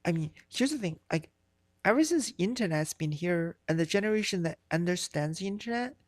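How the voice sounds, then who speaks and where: A woman's voice: fairly low pitch, expressive, brisk, no room sound, clean studio sound. A woman streamer chatting casually on a live stream, rambling and swearing, with many fillers and restarts.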